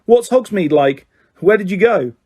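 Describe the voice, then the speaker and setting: A man's voice: high voice, animated, normal speed, darkish tone, voice pushed up. A man voicing an earnest, hesitant teenage boy wizard in a storybook reading. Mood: curious.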